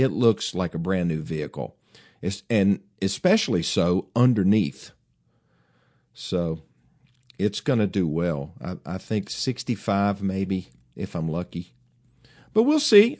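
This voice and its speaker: Folksy low-voiced man with a lively voice. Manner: folksy, rambling, with frequent fillers and restarts. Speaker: host. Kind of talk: casual chat.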